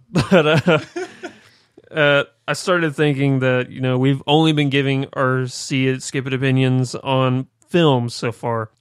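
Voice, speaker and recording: A young man hosting a casual podcast, joking with friends and giving a relaxed TV review. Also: medium pitch, smooth, dry recording, clean studio sound. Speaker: podcast host.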